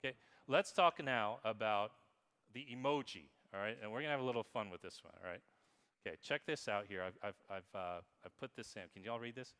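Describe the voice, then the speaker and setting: A man giving a lively conference keynote on marketing, playful and quizzing the crowd, reading examples aloud in exaggerated voices. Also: on the low side, brisk, smooth. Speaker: keynote speaker. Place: conference hall with audience. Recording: long hall reverb.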